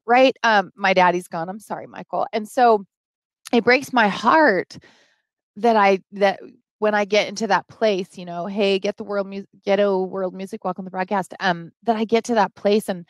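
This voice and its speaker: A woman's voice: medium pitch, a little fast, no room sound. A middle-aged woman hosting a motivational live stream, talking to her viewers and getting teary as she speaks. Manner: emotional, reads chat names aloud, gets teary.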